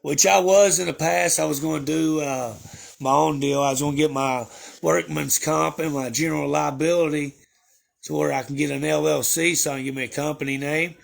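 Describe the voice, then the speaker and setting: Young guy with a gravelly voice, a bit high, rambling and swearing to his stream. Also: fairly even intonation, fairly quick. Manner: rambling storytelling with crude slang and fillers. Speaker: livestreamer. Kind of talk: casual chat to viewers.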